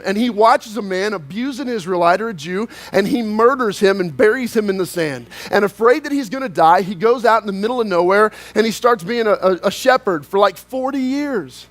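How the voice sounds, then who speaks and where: A man pastor preaching a sermon, telling a story and acting out its dialogue, sometimes slowing down hard for emphasis and then rushing ahead. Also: high voice. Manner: storytelling, acts out dialogue, shifts between slow emphasis and quick bursts.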